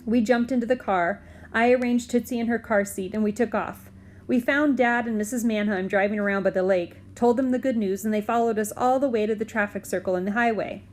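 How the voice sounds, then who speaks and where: A woman reading a children's book aloud in a clear, steady storytelling manner. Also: fairly high pitch, brisk. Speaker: reader.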